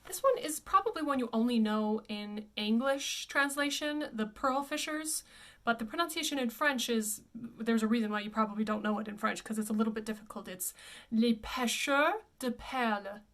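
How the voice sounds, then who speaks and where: A woman voice coach giving a pronunciation lesson. She says each word slowly and then repeats it. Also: on the high side, a bit bright.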